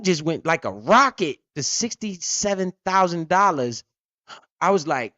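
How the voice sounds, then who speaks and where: A man's voice: high-pitched, sing-song, unhurried, fairly bright tone, no room sound, lo-fi sound. A man hosting a casual crypto livestream, telling stories animatedly with lots of slang and swearing. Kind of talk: casual profane livestream talk.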